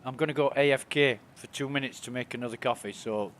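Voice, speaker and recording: A man's voice: medium pitch, quick pace, fairly bright tone, a little hiss or hum. A man streaming a video game, rambling casually about what he sees and swearing now and then. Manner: laid-back, rambling, swears freely. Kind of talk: casual gaming commentary.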